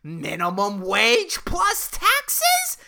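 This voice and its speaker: A man voicing his own mocking inner voice of doubt, high and gleeful, cackling and shouting taunts. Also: wildly swooping pitch, drawn-out words, heavily acted.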